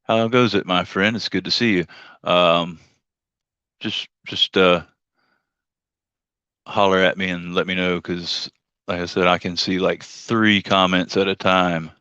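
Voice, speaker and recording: A man's voice: low voice, flat delivery, unhurried, pauses often, sharp tone, clean tone, no echo, lo-fi sound. A man telling a rideshare story on his livestream in a rambling, joking way, acting out the voices of the people he quotes. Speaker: livestream host and rideshare driver.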